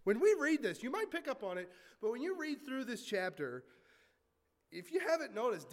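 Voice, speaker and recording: A man preaching a sermon, reading scripture aloud and breaking into casual asides, swinging from loud emphasis to quiet, hushed remarks. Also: sits high. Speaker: pastor.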